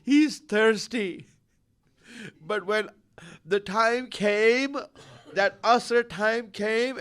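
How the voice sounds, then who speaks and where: In an Islamic center hall, a man delivers a sermon, recounting a sad story in an emotional, lamenting tone with long pauses. His voice is high-pitched and a bit bright.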